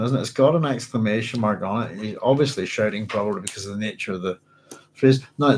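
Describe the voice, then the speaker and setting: A man's voice: medium pitch, low-quality recording. A man hosting a book club at home, reading a novel aloud and musing over it in a rambling, self-correcting way.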